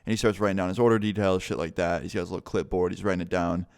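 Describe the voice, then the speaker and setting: A young man recounting a wild story for his vlog in loose, filler-heavy talk with plenty of swearing. His voice is on the low side and clean and smooth. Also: level tone, very fast, a little mellow. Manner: casual, swearing, rambling with "like" fillers. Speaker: vlogger.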